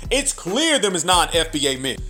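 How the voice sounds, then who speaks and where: A man's voice: a little high, very animated, normal speed, pushed and bright, faint music behind. A man hosting a commentary channel, ranting in an emphatic, sing-song way with repeated mocking phrases.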